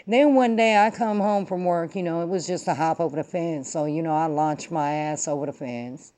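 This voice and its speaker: Over slight background noise, a woman with a low, mellow voice speaks at a moderate pace on her vlog. She tells a story and rants casually about politics, emphatic, profane and full of slang.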